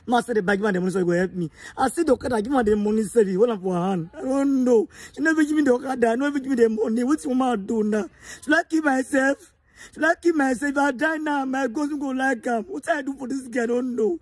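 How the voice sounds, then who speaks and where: A man's voice: very high-pitched, fast talker, a little mellow, slightly rough, dry recording. A man with a Nigerian accent, near tears, pleading for help in an emotional personal appeal, repeating his begging over and over. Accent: Nigerian Pidgin-tinged English. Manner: pleading, distressed, repetitive begging. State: tearful, near crying. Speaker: vlogger telling his side.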